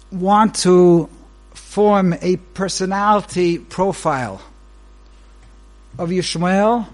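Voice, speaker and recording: A rabbi giving a Torah lecture in a high, light voice. He talks slowly and pauses between short phrases, and his pitch leaps about when he tells a story. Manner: animated storyteller whose pitch leaps while telling a joke. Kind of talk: Torah lecture opening with a joke.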